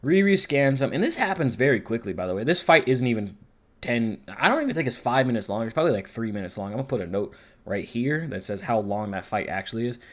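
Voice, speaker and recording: A man in casual review commentary, rambling along with frequent swearing. His pitch sits mid-range and he jumps between excited and deflated. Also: fast. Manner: rambling, profane, animated.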